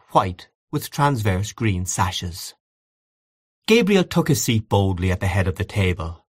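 A man narrating classic fiction as an audiobook, in a measured, expressive reading. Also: lowish voice, no room sound, studio quality.

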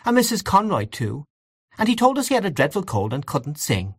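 A man putting on a chatty young woman, talking quickly and gushing, his voice lifted high. It is read in a dry storybook style. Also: wildly swooping pitch, slightly rough, dry recording, full character voice.

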